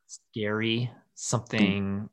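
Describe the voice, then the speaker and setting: A man's voice: on the low side, little pitch movement, slow, clear, resonant tone. A man hosting a casual chat, playful and enthusiastic, laughing often as he tries out new words.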